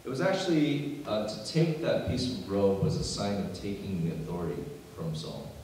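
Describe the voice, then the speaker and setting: A male pastor preaches in a loose, chatty way and slips in playful asides. His voice sounds distant and rings with a long, booming reverb, as if caught from across a large hall. A faint room hum sits underneath. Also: expressive, moderate pace, darkish tone. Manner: conversational preaching with joking asides. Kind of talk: sermon. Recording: echoey hall from far off.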